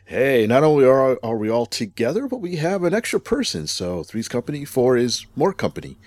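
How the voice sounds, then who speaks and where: Lively, playful male podcast host. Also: mid-range voice, fairly quick, no echo. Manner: playful, jokey introductions. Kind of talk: casual podcast chat.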